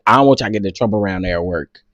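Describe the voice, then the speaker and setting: A man's voice: fairly low pitch, very fast, a bit bright, dry recording, lo-fi sound. A man hosting casual commentary, talking in a slangy, teasing way with features and frequent bursts of laughter. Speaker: commentary host.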